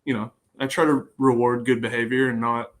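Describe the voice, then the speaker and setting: A young man, a guest on a podcast, chatting casually and telling lively stories that often trail off and restart. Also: mid-range voice, a little fast, poor audio. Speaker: guest, bullpen catcher.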